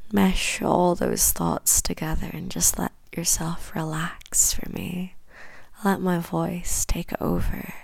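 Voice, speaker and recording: A woman with an Irish accent giving a whispered hypnosis induction, repeating slow, soothing suggestions close to the mic. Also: fairly low pitch, vocal fry, a little mellow, no room sound.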